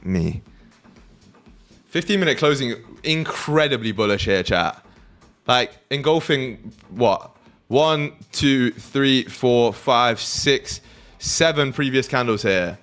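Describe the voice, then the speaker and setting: Soft background music accompanies this casual livestream, where a young British trading host jokes with his chat, swears freely and laughs a lot. He speaks slowly in a mid-range, fairly bright voice with lively intonation.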